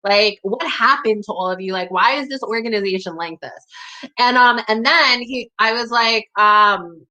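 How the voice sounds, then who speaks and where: A woman's voice: medium pitch, moderate pace, sharp tone, poor audio. A woman telling a personal story in a casual, profane way, full of "like". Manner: casual and profane, heavy use of "like".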